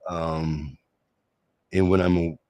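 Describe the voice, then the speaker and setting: A man's voice: low-pitched, steady tone, extremely slow, darkish tone. A man hosting a solo show, telling a rambling personal story in a sarcastic, casual way with frequent restarts. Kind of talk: casual monologue.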